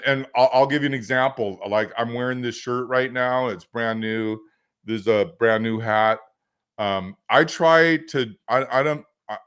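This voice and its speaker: A man's voice: on the low side, fairly bright tone. A man hosting a livestream as a business coach, teaching in a casual, rambling way with many fillers and joking asides.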